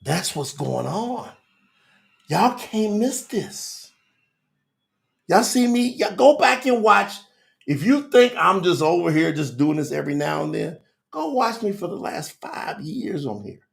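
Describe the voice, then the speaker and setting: A man's voice: a little high, sing-song, unhurried, gravelly. A man teaching scripture on a live stream with fervent, preacherly passion, talking straight to his chat viewers.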